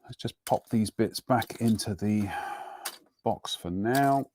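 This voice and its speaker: A man's voice: lowish voice, slow pace, a little mellow, slight background noise. Chatty man at his workbench. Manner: chatty, rambling, self-deprecating. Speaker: host of a live model-building broadcast. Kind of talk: casual live demonstration and chat. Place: home workbench.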